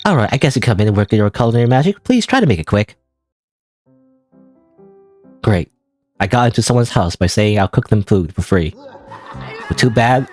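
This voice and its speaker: A man's voice: fairly low pitch, lively intonation, moderate pace, pauses often, a little mellow, soft background music. A man streaming a game live, giving casual, rambling, self-deprecating commentary full of "you know" and "I don't know.". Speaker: gaming streamer.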